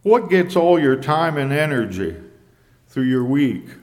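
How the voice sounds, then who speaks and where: Slow, measured male preacher in a reverberant hall. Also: fairly high pitch, very animated. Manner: slow, measured preaching with scripture quoted in old English. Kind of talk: sermon.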